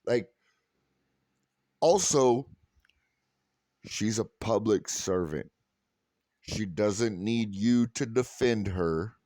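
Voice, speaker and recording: Low-voiced man ranting profanely. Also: animated, very slow, pauses often, warm tone, no room sound. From California, USA. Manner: heated, sarcastic, swears constantly. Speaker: vlogger. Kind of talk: profane storytelling rant.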